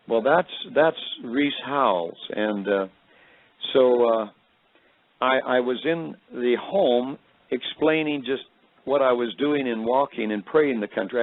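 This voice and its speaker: A man recounts a personal testimony in a gravelly, tired voice that sits deep tonight. He rambles and halts, filling gaps with hesitations. The sound is thin and phone-like, as if heard over a radio broadcast. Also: dry recording. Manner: rambling, halting storytelling with many fillers. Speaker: speaker recounting a vision.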